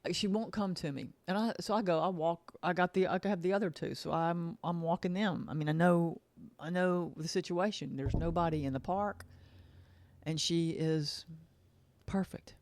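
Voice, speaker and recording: A woman's voice: lowish voice, fairly even intonation, normal speed, darkish tone, no room sound. A woman casually telling a rambling story, repeating herself and acting out the dialogue she quotes. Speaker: vlogger.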